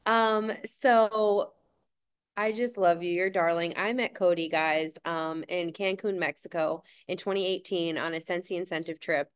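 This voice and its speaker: Smooth-voiced woman in her thirties, chatty. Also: lowish voice, fairly even intonation, unhurried. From New Jersey, USA. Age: 30s. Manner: chatty, affectionate, rambling asides. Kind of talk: casual personal introduction. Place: home.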